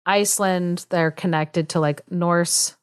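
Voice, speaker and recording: A woman co-host retells a fairy tale in an easy, chatty manner, scattering "like" and asides through her lines and laughing often. Her voice sits a little low for a woman. The recording is close and dry. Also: fairly even intonation, slow, smooth, no room sound. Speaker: podcast co-host. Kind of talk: casual storytelling chat.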